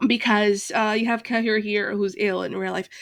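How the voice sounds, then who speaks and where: A woman's voice: mid-range voice, fairly even intonation, normal speed, gravelly, a bit bright. A woman ranting casually to her channel, hesitant with many fillers and restarts, tired from being up late and exasperated. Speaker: channel host, Second Life roleplayer. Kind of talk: casual rant to camera.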